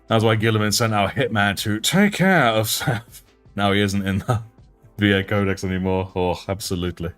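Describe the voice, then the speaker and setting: A deep-voiced young British man chats loosely as a livestream host. His talk is chatty and self-mocking, and his pitch sits on the low side. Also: moderate pace, fairly bright tone, clean tone, faint music behind. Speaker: livestream host and miniature painter. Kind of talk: casual livestream chat.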